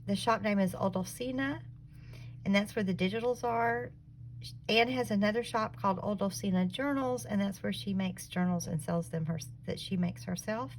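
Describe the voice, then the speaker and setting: A woman's voice: medium pitch, moderate pace, a little hiss or hum, low-quality recording. Chatty Southern woman hosting a craft vlog. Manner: friendly, chatty, with fillers. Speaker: crafting channel host. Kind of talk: casual craft vlog chat.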